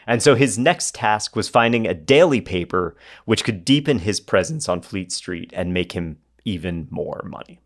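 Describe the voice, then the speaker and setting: A man's voice: on the low side, lively intonation, moderate pace, few pauses. A man hosting a podcast, telling a history story in a conversational way with asides to his co-hosts. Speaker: podcast host.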